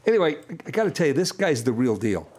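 A man's voice: fairly high pitch, sing-song, fast talker, darkish tone. Rambling, easygoing male radio co-host. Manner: easygoing, rambling with many fillers and restarts. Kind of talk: casual chat.

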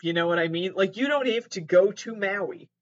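At a normal speed and in a high-pitched voice, the host reads aloud from his mattress at home and riffs loosely. His commentary is casual, sarcastic and self-deprecating, sprinkled with swearing, and the audio has its highs cut off.

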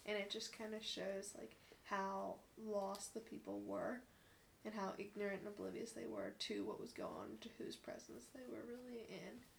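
A woman's voice: medium pitch, expressive, moderate pace, gravelly, slight background noise. A woman in a study group giving her view, thinking aloud with many fillers. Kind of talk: casual discussion.

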